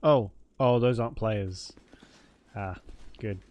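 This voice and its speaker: A man's voice: fairly low pitch, slow pace, darkish tone. A man casually commenting on a game he is playing live, joking and muttering his reactions. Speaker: streamer.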